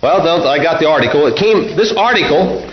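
A male pastor preaching a sermon, mixing folksy stories with forceful preaching. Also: on the high side, animated, fairly quick. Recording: roomy, dull lo-fi recording.

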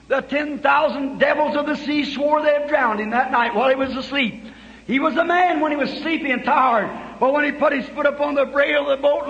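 A man preaching a sermon, building from plain telling to shouted climaxes, recorded on a dull old tape. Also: extremely high pitch, in a large hall. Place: church hall.

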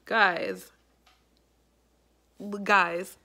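A young adult woman chatting casually in a vlog, rambling and animated, with lots of fillers. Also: on the low side, extremely slow. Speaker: YouTuber.

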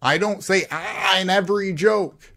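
Man, game streamer, sarcastic, mocking, reads chat aloud, higher voice, unhurried delivery. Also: pushed and bright, slight background noise. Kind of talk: live gameplay commentary.

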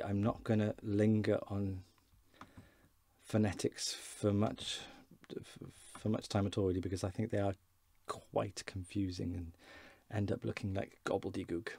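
A man giving an informal beginner language lesson, slowly modelling words for learners to repeat. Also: lowish voice, vocal fry, a little mellow, breathy edge, no echo. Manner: slow, careful pronunciation drills. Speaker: Welsh language teacher.

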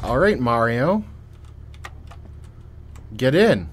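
A let's play gamer offers joking, casual commentary during a horror game, reading on-screen text aloud. His lowish voice has lively intonation and an unhurried pace. He swings between quiet muttering and loud yelps.

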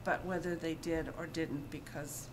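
A woman guide explaining local history in a calm, measured way. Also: deep voice. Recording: background noise outdoors.

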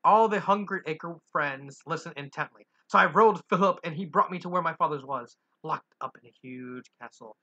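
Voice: medium pitch, moderate pace, hardly any pauses, bright, forceful tone, muffled recording. A reader reading a story aloud who giggles and adds asides. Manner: giggly, self-commenting asides. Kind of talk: reading fan fiction aloud.

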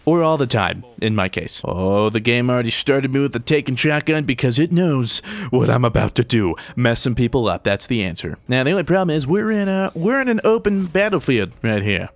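A man giving jokey, excitable gameplay commentary, full of mild exclamations. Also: mid-range voice, fairly quick, dry recording. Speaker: gaming YouTuber.

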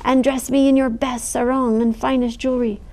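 A woman voicing a clever talking pig who gives firm, slow instructions. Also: high voice, flat delivery, dark tone, voice pushed up.

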